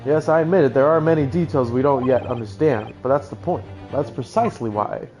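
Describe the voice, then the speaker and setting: A man's voice: medium pitch, a little fast, music in the background, natural voice, poor audio. A man voicing an earnest young defense attorney with a pleading, insistent delivery.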